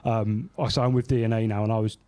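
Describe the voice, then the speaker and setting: A man from England hosting a podcast, telling anecdotes in a casual, lively way and acting out the people he quotes. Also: lowish voice, quick pace, no room sound. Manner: animated, acts out quoted voices in anecdotes. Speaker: podcast host. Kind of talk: casual storytelling chat.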